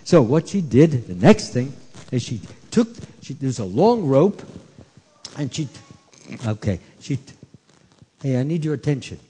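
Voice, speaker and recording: A man telling a story to a room of children, his voice swooping up and down as he quizzes them and hushes the chatter. His tone is soft and mellow, with a husky edge. A long hall reverb trails every phrase. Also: medium pitch, unhurried, pauses often. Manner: animated, asks the kids questions, hushes them. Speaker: storyteller at a temple children's event. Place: temple hall. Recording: echoey hall.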